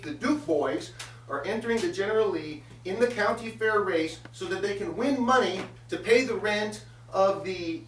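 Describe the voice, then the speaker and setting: A man hosting a comedy show, telling a meandering story full of filler pauses and sarcastic asides. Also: sits high, a little hiss or hum. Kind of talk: rambling comic monologue. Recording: echoey room, voice from a distance.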